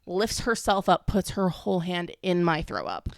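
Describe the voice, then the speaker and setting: Podcast co-host, woman in her twenties, smooth lowish voice, rambling storyteller, dry close mic. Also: very animated, normal speed, no room sound. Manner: rambling, heavy use of "like", laughs often. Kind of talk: casual chat.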